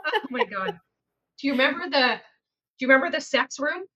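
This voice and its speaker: A woman hosting a podcast about real estate, telling stories in an animated, laughing, repetitive way. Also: high voice, moderate pace, lo-fi sound. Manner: animated, laughing, repeats phrases for emphasis. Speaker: podcast host and realtor. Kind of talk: casual storytelling chat.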